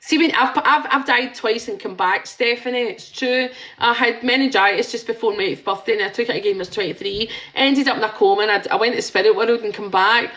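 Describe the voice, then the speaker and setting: A woman's voice: on the high side, fairly quick, hardly any pauses, a bit bright, low-quality recording. A Scottish woman in her forties giving a live psychic reading in a rambling, chatty way, swearing and laughing now and then.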